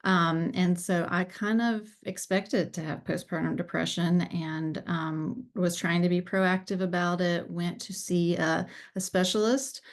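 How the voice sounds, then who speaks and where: Female guest speaker on a video call, from Appalachian North Carolina, lower voice, candid and earnest. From Southern Appalachian North Carolina. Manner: earnest, candid, with frequent ums and restarts. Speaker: guest speaker, peer support program director. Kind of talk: personal testimony in a webinar.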